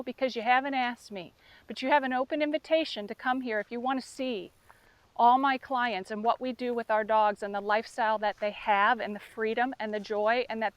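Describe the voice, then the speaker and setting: A woman's voice: fairly high pitch, smooth, no echo. Impassioned woman, dry close sound. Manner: impassioned and emotional, addressing critics directly. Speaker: dog trainer. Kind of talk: direct-to-camera appeal.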